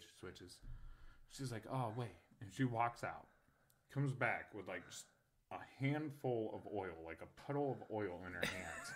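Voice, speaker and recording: A young man and podcast co-host telling a crude story in casual chat, laughing often. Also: mid-range voice.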